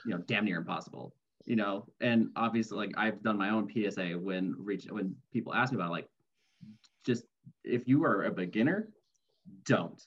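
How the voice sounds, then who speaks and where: A man's voice: on the low side, normal speed, slightly rough, highs cut off. A man co-hosting a casual podcast, rambling with many fillers and restarts. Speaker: podcast co-host.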